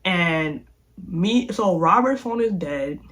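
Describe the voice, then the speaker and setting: Animated young adult telling a story. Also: mid-range voice, slow. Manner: animated, slangy, with lots of filler sounds. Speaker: vlogger. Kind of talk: casual storytime vlog.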